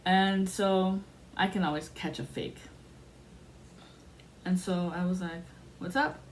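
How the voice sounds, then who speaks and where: A woman's voice: fairly low pitch, fairly even intonation, takes it slowly. A woman telling a personal story in a blunt, casual way, acting out the voices of the people she quotes. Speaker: podcast host telling a story. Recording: faint background noise.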